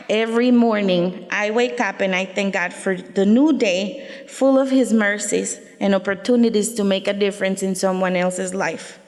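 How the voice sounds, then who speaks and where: A woman's voice: mid-range voice, fairly even intonation, normal speed, darkish tone, in a large hall. A woman giving a personal testimony on stage, earnest and reflective, with short faith-filled declarations. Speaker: speaker sharing her story on stage. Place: event venue stage.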